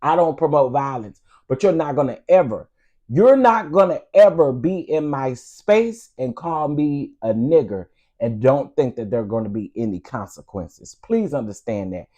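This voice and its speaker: A man's voice: medium pitch, expressive, moderate pace, muffled recording. A man hosting an online commentary show, ranting emphatically and sassily. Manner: loud, emphatic, sassy.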